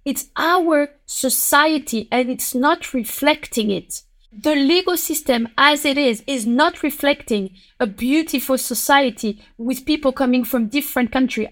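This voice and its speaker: Woman, French accent, podcast guest, emphatic, outspoken, slightly high-pitched. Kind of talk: passionate podcast conversation.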